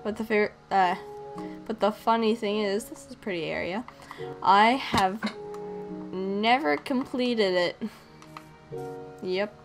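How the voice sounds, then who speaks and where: A woman's voice: medium pitch, a little slow, long pauses, over music. A young woman chatting playfully while playing a video game, greeting the animals she meets. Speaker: gamer. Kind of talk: casual game commentary.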